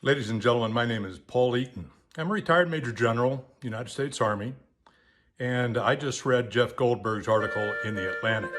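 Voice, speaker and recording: Blunt retired general over music. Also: male voice, mid-range voice, fairly quick, fairly bright tone. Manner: blunt, pointed address. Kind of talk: direct-to-camera political ad.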